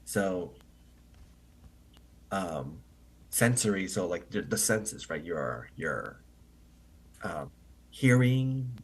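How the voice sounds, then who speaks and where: Husky-voiced guy walking learners through a poem, really slow, thinking out loud. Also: low voice, very animated. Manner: halting, thinks aloud, often checks with "right?". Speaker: host of an online English conversation meeting. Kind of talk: explaining poetry to language learners.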